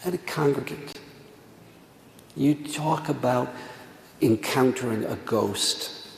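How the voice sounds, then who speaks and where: A middle-aged rabbi delivers an earnest sermon with stories, his voice carrying a gravelly edge. He repeats words for emphasis and sometimes drops almost to a whisper. The sound comes from a long echoing synagogue hall with faint room noise. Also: medium pitch, slow pace. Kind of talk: Tisha B'Av sermon with stories.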